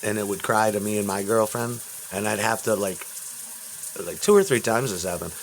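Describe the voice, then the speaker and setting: Low-voiced profane man in his fifties. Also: animated, slight background noise. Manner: profane, halting, with restarts. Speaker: interviewee. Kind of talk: rambling personal storytelling.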